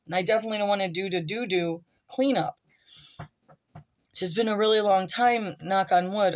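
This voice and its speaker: A woman's voice: mid-range voice, normal speed. A woman vlogging from home, reading a column aloud and breaking into rambling asides and comments to her pets. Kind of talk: casual reading with off-the-cuff commentary.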